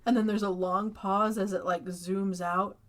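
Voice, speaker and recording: Animated woman retelling a movie. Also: mid-range voice, measured pace. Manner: animated storyteller, acts out quotes, laughs often. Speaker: podcast co-host. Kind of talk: casual chat, retelling a movie plot.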